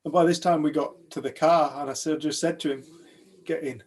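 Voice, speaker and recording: A man's voice: a little high, fairly even intonation, a little fast, a little mellow. A man from the United Kingdom telling a personal story to a group, animatedly acting out other people's lines.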